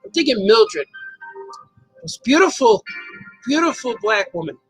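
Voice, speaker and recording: A man's voice: extremely high pitch, very animated, measured pace, a bit bright, breathy edge, no echo, faint music behind, poor audio. A man hosting a casual chat show, telling rambling stories and giggling often between words. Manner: giggly storyteller, laughs often mid-sentence; rambling, playful, repeats words for effect. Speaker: host and cartoonist. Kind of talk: casual livestream chat, reading viewer comments.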